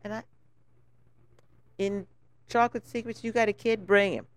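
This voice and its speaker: A middle-aged woman from St. Croix with a Crucian accent, guest on a casual podcast, telling stories with lively jumps in pitch for emphasis. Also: normal speed. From St. Croix, US Virgin Islands. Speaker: guest business owner.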